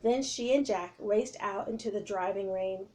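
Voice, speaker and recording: A woman reading a chapter book aloud to children in an expressive, lively way. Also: medium pitch, normal speed. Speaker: children's story reader.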